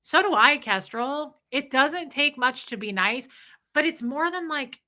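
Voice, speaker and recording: A woman, ranting casually to her live stream chat and acting out the people she talks about. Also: high voice. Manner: animated, acts out people in quick quoted voices.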